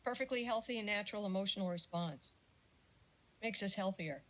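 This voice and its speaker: A middle-aged woman giving a casual lecture on parenting, chatty and animated, with jokey asides and little acted-out quotes. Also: mid-range voice, a little fast, low-quality recording. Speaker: speaker giving a talk on parenting.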